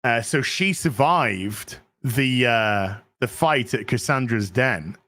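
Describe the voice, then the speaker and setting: A man hosting a podcast, excitedly retelling a film plot in casual chat, swearing freely and using lots of fillers. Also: medium pitch, slow pace. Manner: excited, profane storytelling with many fillers. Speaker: podcast host. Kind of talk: casual movie recap chat.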